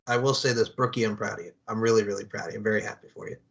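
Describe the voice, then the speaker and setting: A man hosting a podcast interview in a slangy, excitable way, peppering his talk with "man" and "you know what I'm saying". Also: fairly low pitch, rapid-fire, gravelly, lo-fi sound. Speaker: podcast host. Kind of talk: casual interview chat.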